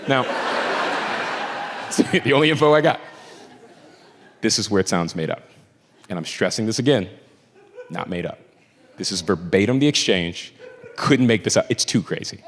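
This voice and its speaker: A man telling a stand-up story on a club stage, moving from low mutters to shouted punchlines. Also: animated, a little slow, pauses often. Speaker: stand-up comedian. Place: comedy club stage before a live audience. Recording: live club recording, long reverb, crowd noise. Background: audience laughter.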